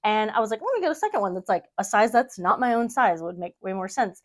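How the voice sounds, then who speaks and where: A woman's voice: medium pitch, animated, fast talker. A woman giving a casual tour of her home sewing studio, rambling, self-deprecating and laughing often. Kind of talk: casual chat.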